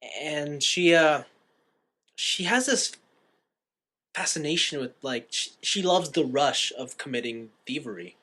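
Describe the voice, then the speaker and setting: A young man with a slightly high, somewhat slow voice co-hosts a podcast, casually recapping a film. He tells it with animation and acts out the characters' lines.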